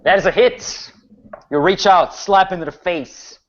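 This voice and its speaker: A man with a high voice runs a tabletop game as game master, unhurriedly narrating attacks and firmly explaining rules while frequently restarting his sentences. The recording is muffled and lo-fi, with slight background noise.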